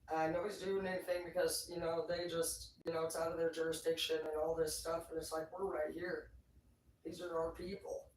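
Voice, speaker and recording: Rambling profane livestreamer, excitable rant, roomy echo, heard from a distance off the mic. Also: medium pitch, slight background noise.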